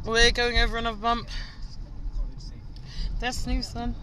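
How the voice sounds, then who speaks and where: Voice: medium pitch, flat delivery, unhurried, noisy background. A live-streamer in a car's passenger seat, chatting loosely and greeting viewers by name between directions to the driver. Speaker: livestreamer. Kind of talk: live-stream chat while riding in a car. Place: passenger seat of a moving car.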